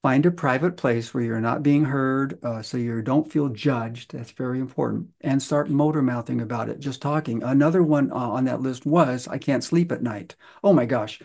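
A man's voice: medium pitch, moderate pace, vocal fry, hardly any pauses, a little mellow. A middle-aged man in a casual interview, telling stories in a folksy, earnest way and stretching out words for emphasis. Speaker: guest, stress-release practitioner.

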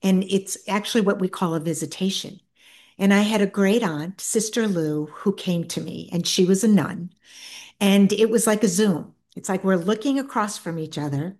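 A middle-aged woman, an author and guest, tells a personal story in a soft, earnest way, often stopping and restarting her sentences. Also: medium pitch. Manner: soft-spoken, earnest, halting with many restarts.

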